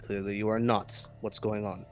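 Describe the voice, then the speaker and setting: A man's voice: on the low side, level tone, moderate pace, background noise, natural voice. A man playing a blunt, wary adventurer in a tabletop game, asking direct, pressing questions.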